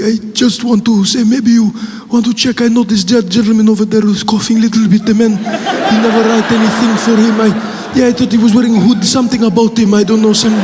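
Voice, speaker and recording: A man's voice: high voice, background noise, voice pushed up, natural voice. A comedian voicing a fussy, polite aged male passenger, hesitant and full of apologetic uhs, on a live stage. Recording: live stage with hall reverb.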